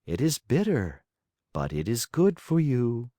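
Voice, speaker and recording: A man voicing a gentle, patient, motherly fairy who speaks softly and coaxingly in an audiobook. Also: medium pitch, wildly swooping pitch, a little slow, no echo, studio quality. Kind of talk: audiobook character voice.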